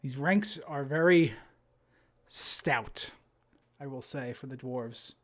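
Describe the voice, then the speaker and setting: A young man with a New Jersey accent talks through a card game match on a live stream. His delivery is loose and conversational, with plenty of fillers and restarts, at a mid-range pitch. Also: slow, fairly bright tone. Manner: casual, chatty, with frequent fillers and restarts. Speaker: game commentator.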